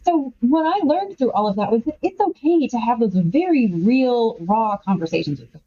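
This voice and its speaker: A middle-aged woman, an author and podcast guest, talking in an animated, chatty way with many quoted asides. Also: a little high, moderate pace, phone-quality sound. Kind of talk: casual conversational interview.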